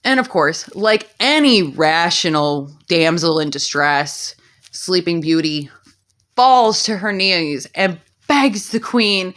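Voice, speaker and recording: A woman's voice: lowish voice, expressive, slow pace, fairly bright tone. A woman telling a comic story with sassy, slangy asides. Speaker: comedic storyteller.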